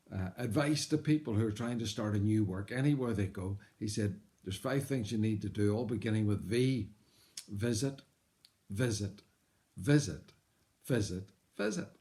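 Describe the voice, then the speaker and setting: Northern Irish man telling his testimony. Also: lowish voice. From Northern Ireland. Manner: earnest, animated retelling with frequent "uh" fillers. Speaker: missionary. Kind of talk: personal testimony storytelling.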